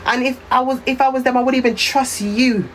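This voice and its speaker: A woman's voice: high voice, fairly even intonation, fairly quick, slight background noise, low-quality recording. A woman with a Jamaican accent ranting on a phone live stream, repeating insults in a heated, cutting manner.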